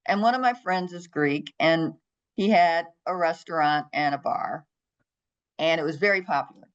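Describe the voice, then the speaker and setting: A woman's voice: low voice, normal speed. A middle-aged woman, a podcast guest, telling a story in an interview and acting out the voices of the people in it. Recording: dull lo-fi sound.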